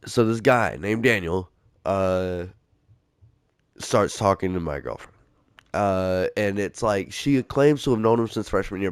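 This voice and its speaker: A man's voice: fairly low pitch, clear, resonant tone, no echo, studio quality. A young man hosting a podcast, telling a story casually in a rambling, profane way with lots of filler words. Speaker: podcast host.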